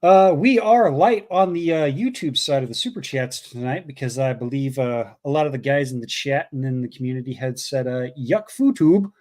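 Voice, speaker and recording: A man's voice: medium pitch, a little fast, hardly any pauses, darkish tone. A man co-hosting a casual livestream, reading out viewer messages with frequent fillers and chuckles. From Canada. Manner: reads donor messages aloud with fillers and laughs. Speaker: co-host reading super chats.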